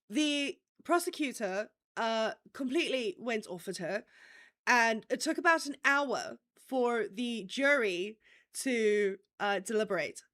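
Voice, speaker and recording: Slightly high and a bit bright, this stream host's voice carries a laid-back true-crime tale. She keeps asking "okay?" and drops casual swears along the way.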